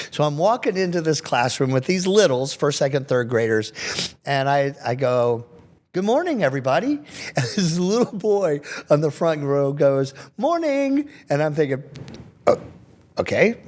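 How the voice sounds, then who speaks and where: A magician and special education researcher telling stories in an interview, acting out voices as he goes. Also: on the high side. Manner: animated storyteller, acts out children's voices. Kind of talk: storytelling interview.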